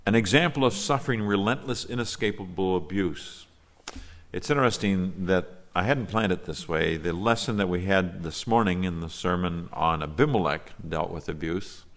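Deep-voiced male pastor preaching. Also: fairly bright tone. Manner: reads scripture aloud in archaic wording, then explains it; measured and earnest, with small fillers when speaking freely. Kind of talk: sermon with scripture reading.

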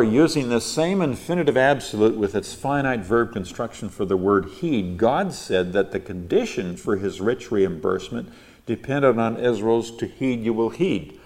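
An older man, a pastor, works through a Bible passage verse by verse. His voice sits fairly low, and he reads the text before explaining it in an unscripted way. He pauses on fillers and restarts his sentences as he teaches. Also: darkish tone.

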